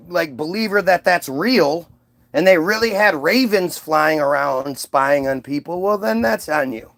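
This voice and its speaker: A man's voice: high-pitched, creaky, a bit bright. A man delivering a casual monologue, rambling, profane and mocking, with frequent asides and restarts. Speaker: commentator.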